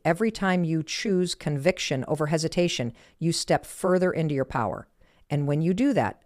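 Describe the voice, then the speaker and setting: A woman's voice: deep voice, a little mellow, dry recording, studio quality. A woman delivering a motivational speech in emphatic, punchy short declarations. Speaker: motivational speaker.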